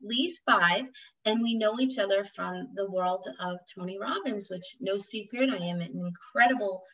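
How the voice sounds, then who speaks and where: A woman's voice: medium pitch, moderate pace, a bit bright, recorded from a distance, muffled recording. A woman hosting a podcast as a matchmaker, gushing and enthusiastic.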